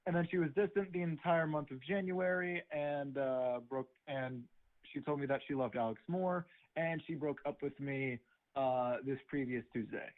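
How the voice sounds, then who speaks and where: Young man, phone caller, tinny line, slightly high voice, halting, filler-heavy. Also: steady tone. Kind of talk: phone story recap.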